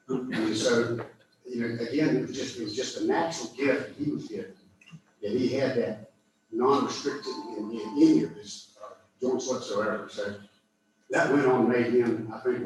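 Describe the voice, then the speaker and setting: An older man spins folksy anecdotes for a club audience, chuckling at his own punchlines. His mid-pitched voice is heard from some distance and rings through a big echoey room. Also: slight background noise. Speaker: guest speaker. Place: large clubhouse meeting room. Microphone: distant from the microphone. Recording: echoey room, far from mic.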